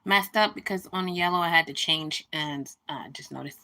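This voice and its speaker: Woman livestreaming, bright voice, fired up and ranting about a rude comment, saying hi to chat between rants. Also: low voice, normal speed. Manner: indignant venting, greets viewers between rants. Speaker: livestream host.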